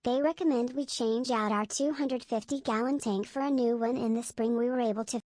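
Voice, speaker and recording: A woman's voice: on the high side, steady tone, brisk, a little mellow, no echo, clean studio sound. Matter-of-fact woman reading messages.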